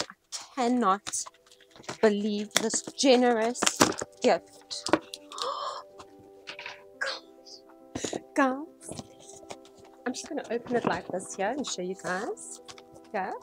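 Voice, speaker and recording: A woman vlogging casually from her small home dance studio, excitable and gushing as she talks to the camera. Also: mid-range voice, slow, long pauses, over music. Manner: excitable, gushing, breathless with delight. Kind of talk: casual vlog unboxing.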